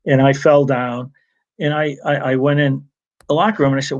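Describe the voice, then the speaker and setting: A man's voice: mid-range voice, moderate pace. A man spins long anecdotes in a casual, chatty way, doubling back and restarting his sentences and laughing now and then. His voice sits in an ordinary middle register and comes through a muffled, lo-fi connection. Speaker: retired wrestling referee, guest. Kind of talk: casual storytelling interview.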